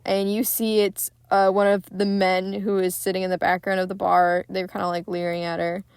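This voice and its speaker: A woman's voice: mid-range voice, normal speed, smooth, no room sound, studio quality. Young woman swearing through a film recap. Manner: profane, candid and excitable retelling. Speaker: podcast host.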